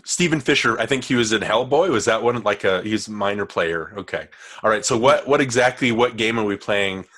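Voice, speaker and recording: A low-voiced man co-hosts a relaxed podcast conversation. He is easygoing and often repeats words while he works out what to say. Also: brisk, slightly rough. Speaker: podcast co-host. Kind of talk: casual chat.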